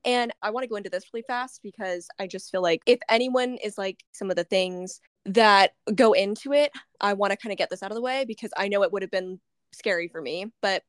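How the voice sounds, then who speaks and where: A woman's voice: mid-range voice, no room sound, studio quality. A woman hosting a podcast interview, chatty and emotional, laughing often as she shares her story. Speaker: podcast host. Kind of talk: casual interview chat.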